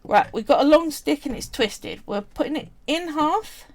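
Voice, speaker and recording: A woman's voice: high voice, expressive, normal speed. Chatty woman teaching a craft. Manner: chatty, step-by-step instructing. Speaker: craft livestream host. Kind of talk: live craft tutorial with chat.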